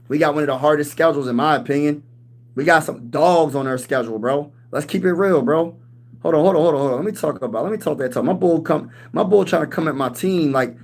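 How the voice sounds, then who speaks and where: A man in his thirties hosting a casual live-stream sports talk show, hyped and slangy as he reads and answers chat. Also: mid-range voice. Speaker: sports channel host.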